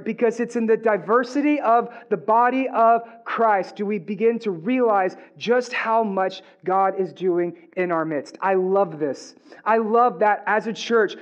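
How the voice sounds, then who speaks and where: A male pastor preaching a sermon in an animated, joking way, with frequent asides to the congregation. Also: high-pitched, muffled recording.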